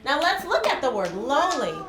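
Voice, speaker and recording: A middle-aged woman teaching a first grade class, stretching words out and prompting the children in an animated way. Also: sits high, a little fast, crowd noise. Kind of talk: classroom vocabulary lesson. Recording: echoey classroom with background noise.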